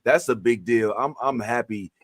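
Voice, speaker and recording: A man hosting a casual live show, teasing his guest in an animated, joking way. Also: mid-range voice, normal speed, background noise. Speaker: host. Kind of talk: casual chat.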